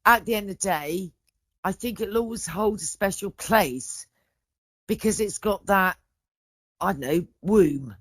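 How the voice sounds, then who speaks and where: A woman's voice: mid-range voice, a little slow, husky, no echo. A woman in her forties chats on a podcast, drifting from one story to the next. She keeps breaking off and restarting her sentences, and the voice sounds dry and close. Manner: rambling, self-interrupting storyteller. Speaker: podcast guest. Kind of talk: casual chat.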